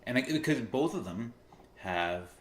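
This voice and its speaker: A man's voice: medium pitch, expressive, unhurried, roomy sound, slight background noise. A man casually commentating while he plays a video game, chatty, laughing often and explaining game mechanics. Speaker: player commentating on his gameplay.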